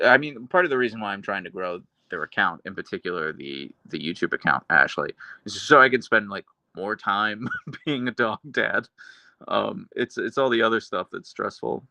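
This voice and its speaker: Casual streamer, male, deadpan dry delivery, bright gravelly tone, close dry sound. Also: lowish voice, no room sound. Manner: chatty, earnest, with restarts and laughs. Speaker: livestream host reading chat. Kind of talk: casual live stream chat.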